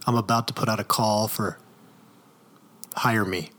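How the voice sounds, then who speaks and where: A man with a reedy voice co-hosting a podcast, telling stories in a wry, animated way. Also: lowish voice, a little slow. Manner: wry, animated storytelling with frequent laughs. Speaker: podcast co-host. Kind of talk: casual chat.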